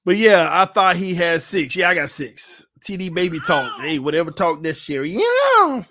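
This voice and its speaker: A man hosting a casual live stream, talking loud and playful with lots of trash talk. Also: high-pitched, big pitch swings, moderate pace, a little hiss or hum. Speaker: YouTube channel host. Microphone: desk mic, no headphones.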